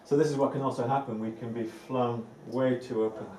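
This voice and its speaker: A man gives a live evening talk as a spiritual teacher to an audience in an indoor room, speaking earnestly, repeating words for emphasis, and laughing lightly now and then. His voice is medium-pitched, steady, fairly quick, and darkish in tone. He is off-mic and recorded from a distance, in an echoey room with faint ambient noise.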